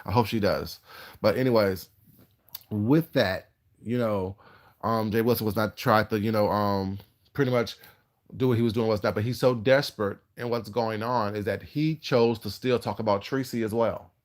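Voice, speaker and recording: A man's voice: lowish voice, moderate pace. A man ranting heatedly to camera while recapping reality TV, cursing often and repeating himself. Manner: profane, repetitive, animated ranting with frequent "you know what I'm saying". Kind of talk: heated casual rant to camera.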